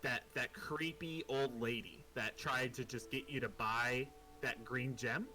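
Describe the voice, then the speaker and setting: A man narrating as game master of a tabletop game, relaxed and hesitant, with many pauses and ums. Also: medium pitch, soft background music, poor audio.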